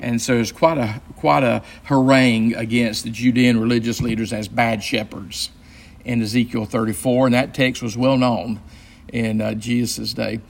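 A pastor with a gravelly, creaky voice teaches a Bible study. He explains in a relaxed, conversational way, often pausing and restarting his sentences. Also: medium pitch.

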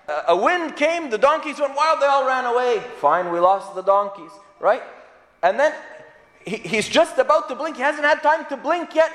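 A man with a high voice preaches a lively sermon. He tells stories with animation and acts out the passages he quotes. The sound is echoey, with a long reverb like a church hall. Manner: animated storytelling, acts out scripture quotes, laughs at his own jokes. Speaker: pastor.

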